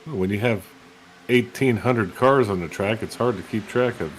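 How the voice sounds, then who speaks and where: A man's voice: fairly low pitch, normal speed, slight background noise, poor audio. A man doing casual co-commentary on a sim race, easygoing and full of friendly banter. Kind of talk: casual color commentary and chat.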